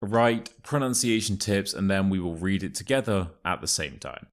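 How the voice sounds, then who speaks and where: A young man with a polished Modern RP English accent leads a pronunciation lesson. His voice sits very low and deep. He reads passages slowly and deliberately, then slips into a casual, chatty tone to explain the sounds. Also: lively intonation. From England. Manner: clear, deliberate reading, casual asides. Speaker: accent teacher.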